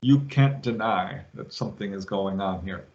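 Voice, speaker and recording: A man guest on an interview show, retelling a witness's story with lively quoted voices. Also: low-pitched, moderate pace, highs cut off. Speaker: guest, UFO researcher.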